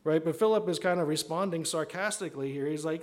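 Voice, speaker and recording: A man's voice: on the high side, fast talker, few pauses. A man preaching a sermon in a conversational way, often asking "right?" and acting out the voices of people he quotes. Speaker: pastor.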